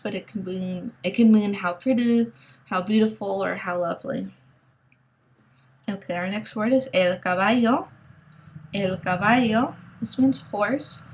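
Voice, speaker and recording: A woman teaching a recorded online language lesson, explaining words and sounds patiently and checking in with a frequent "okay?". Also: medium pitch. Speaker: Spanish teacher.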